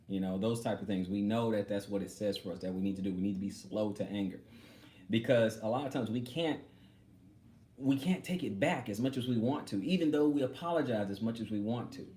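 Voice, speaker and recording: A man's voice: lowish voice, darkish tone, a little hiss or hum. A man giving an informal Bible teaching to other men, talking conversationally, repeating himself and demonstrating with a prop. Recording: echoey room with faint ambience.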